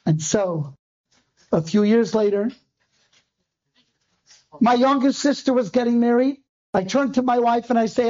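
A man, a rabbi, telling a personal story to an audience and acting out the dialogue in quick, animated bursts. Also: extremely high pitch. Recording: dull lo-fi recording.

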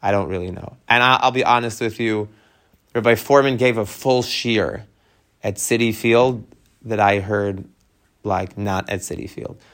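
A man teaching a text study class, animated and tossing rhetorical questions to his students. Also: fairly low pitch, moderate pace.

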